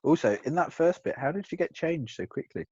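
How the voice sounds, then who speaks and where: A man banters in a dry, teasing way, his pitch rising and falling a lot as he talks. The sound is close and dead, with no room around it. It has a dull, lo-fi tone. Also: expressive, fairly quick, a little mellow, breathy edge, no echo. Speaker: podcast co-host. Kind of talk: casual banter.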